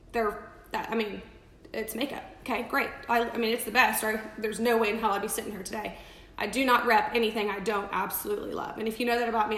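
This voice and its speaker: A woman's voice: a little high, fairly bright tone, roomy sound, low-quality recording. A woman, rambling and emphatic in a casual live video, full of restarts and "like". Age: 30s. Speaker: makeup seller on a live video. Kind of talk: casual live-stream talk.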